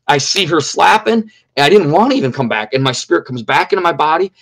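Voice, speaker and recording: A man's voice: fairly high pitch, animated, fast, vocal fry, a bit bright. A middle-aged man giving an earnest personal testimony in an interview, repeating key phrases for emphasis. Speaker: interview guest.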